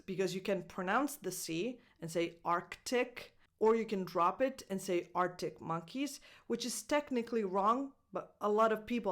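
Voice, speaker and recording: A woman with an Italian accent teaching English pronunciation, repeating words slowly and breaking them into syllables. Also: mid-range voice. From Italy. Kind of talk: pronunciation lesson.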